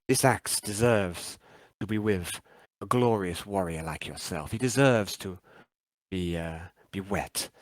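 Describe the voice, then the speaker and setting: A man's voice: deep voice, unhurried, no echo. A man voicing a proud old male warrior who is defiant and unafraid of death, speaking in a solemn, grave way. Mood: pleading.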